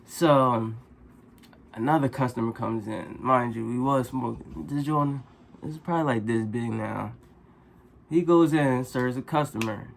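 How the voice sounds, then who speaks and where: A man vlogger tells a casual story in a mid-range voice. He talks in slang and sounds exasperated, jumping up in pitch when he's amazed. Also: unhurried, gravelly, a little hiss or hum.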